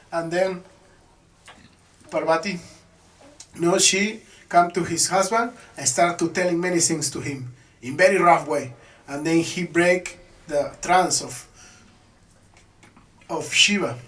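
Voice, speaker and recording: A man giving a devotional talk, retelling a story in an animated way with frequent "you know"s. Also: fairly high pitch, slow, pauses often, distant mic, low-quality recording.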